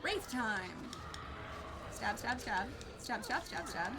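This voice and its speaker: Bubbly high-voiced woman streamer. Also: sing-song, takes it slowly, noisy background. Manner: bubbly, chatty, laughs often. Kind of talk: casual gameplay chat with viewers.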